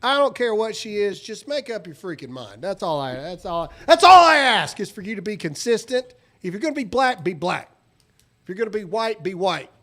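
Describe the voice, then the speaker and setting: Southern guy hosting a chat show, high bouncy voice, laughs a lot. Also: brisk. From American South. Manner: animated, laughing, riffing. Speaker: podcast host. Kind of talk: casual show chat and live-read ads.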